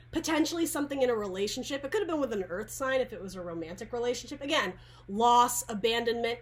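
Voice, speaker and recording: A woman's voice: on the high side, fairly bright tone. A woman giving a casual tarot reading to camera, chatty and rambling, often restarting her sentences. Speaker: tarot reader.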